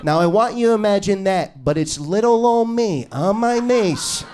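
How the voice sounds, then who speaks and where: A man's voice: sits high, animated, moderate pace. A male stand-up comedian doing an improvised set in a small comedy club, brash and crude, needling the crowd.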